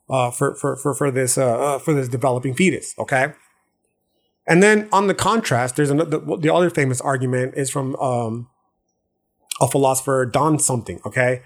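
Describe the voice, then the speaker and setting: A man hosting a podcast, talking through philosophy in a loose, profane, slangy monologue that keeps checking in with the listener. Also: mid-range voice. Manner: profane, slangy, loose street-talk delivery; frequent restarts and check-ins like "okay" and "right". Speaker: podcast host.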